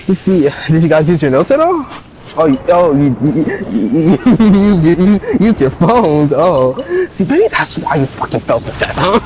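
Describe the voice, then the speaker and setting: Young man doing a sneering teacher who drags out his taunts, lively voice. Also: a little high, moderate pace, noisy background. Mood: taunting. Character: mocking male schoolteacher scolding his class.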